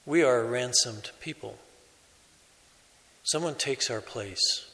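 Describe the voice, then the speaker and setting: A man preaching a sermon as a priest, in a slow, measured way with pauses. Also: mid-range voice, bright, forceful tone, long reverb tail, poor audio.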